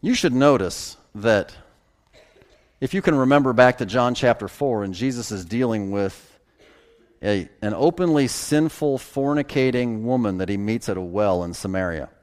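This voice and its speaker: A man's voice: mid-range voice, expressive, normal speed, a little mellow. A man pastor preaching a conversational sermon, with sudden emphatic bursts.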